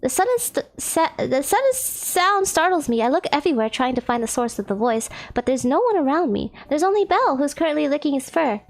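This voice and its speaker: A woman's voice: high voice, big pitch swings, fairly quick, few pauses. A woman game streamer reading a visual novel aloud, playful and giggly, joking between the read lines.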